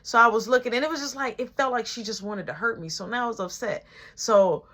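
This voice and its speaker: A woman telling a story in an animated, slangy way, acting out all the voices. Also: fairly high pitch, a little fast. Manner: animated, slangy, acts out every voice. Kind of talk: casual storytelling.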